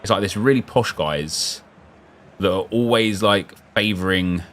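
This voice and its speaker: A man's voice: on the low side, unhurried, a bit bright. A man in his thirties, chatting casually on a live stream and telling rambling stories to his viewers. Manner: rambling storytelling, laid-back.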